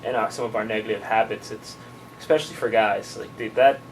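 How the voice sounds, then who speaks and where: Audience man, earnest and halting, gravelly low voice, distant and noisy. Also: steady tone. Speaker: audience member sharing a view. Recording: distant mic, noisy room.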